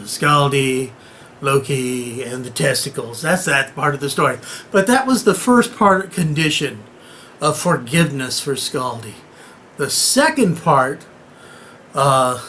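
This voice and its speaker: A man's voice: fairly high pitch, a bit bright, slight background noise. A man telling an old myth as a comic, irreverent story, joking and talking straight to the audience. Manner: acts out voices and noises in the tale.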